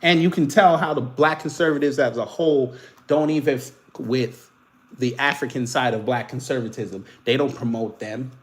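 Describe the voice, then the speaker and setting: A man's voice: mid-range voice, moderate pace. Sarcastic Caribbean-born commentary man. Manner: animated, sarcastic, mocking, swings between loud and muttered asides. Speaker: political commentary host. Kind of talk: casual commentary reading posts aloud.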